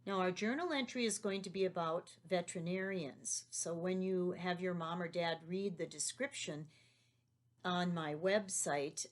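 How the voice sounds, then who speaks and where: A woman gives a remote lesson to young children, her voice sitting a little low for a woman. She is patient and steady, walking the class through each step and closing points with friendly tag questions. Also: measured pace. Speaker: teacher.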